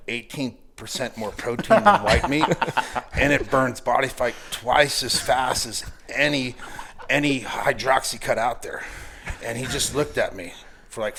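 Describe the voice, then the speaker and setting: An American man in his forties telling profane, animated stories in casual chat and laughing through the punchlines, as a guest firearms instructor. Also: medium pitch.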